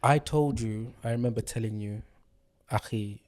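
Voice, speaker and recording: A man in casual conversation, retelling a dramatic story in an animated way. He quotes other people's words as he goes and breaks into laughter often. His voice sits at an ordinary middle pitch for a man. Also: moderate pace.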